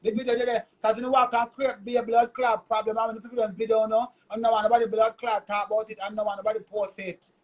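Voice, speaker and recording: A man's voice: sits high, flat delivery, fast talker, few pauses, rough recording. A man with a Jamaican accent delivering a heated, cursing, repetitive rant in a vlog. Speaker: vlogger.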